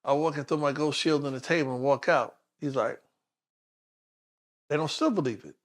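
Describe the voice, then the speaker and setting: A man, a former detective from New York, telling stories in a casual interview, animated and acting out what people said. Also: a little high, moderate pace. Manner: animated storyteller acting out quotes with laughs. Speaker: guest, former police detective.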